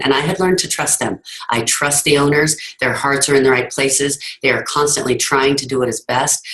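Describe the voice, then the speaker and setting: A woman's voice: rumbling low, a bit bright, rough recording. A woman giving an earnest, emphatic motivational talk over a video call, telling her story to her team. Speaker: team leader hosting a call.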